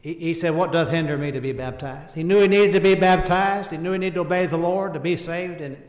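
A man's voice: a little high, brisk. A man preaching a sermon in short, emphatic phrases, quoting scripture in old-fashioned wording. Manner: earnest, quotes scripture in King James wording; speaks in short emphatic phrases, voice rising and falling in volume. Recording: echoey hall with long reverb.

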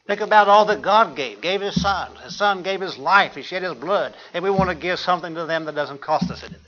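Man, preacher, sermon, bright forceful tone, slightly high voice, muffled lo-fi sound. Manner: asks the congregation questions, quotes scripture.

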